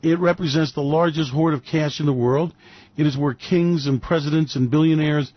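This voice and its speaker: A man's voice: a little high, fairly even intonation, moderate pace, dry recording, highs cut off. Older man rambling through radio stories. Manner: blunt, hesitant with many fillers, storytelling. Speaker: radio show host.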